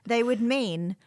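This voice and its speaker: A woman's voice: on the high side, a little mellow, no echo, studio quality. A woman with a London accent co-hosting a podcast in casual chat, affirming and responsive. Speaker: podcast co-host.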